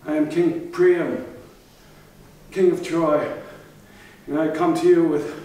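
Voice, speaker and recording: A man's voice: fairly high pitch, steady tone, slow, warm tone. Man playing a grieving old king. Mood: pleading. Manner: pleading, then raging. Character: grieving old king, proud yet humbled. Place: empty theater stage. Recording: echoey theater, mic far off.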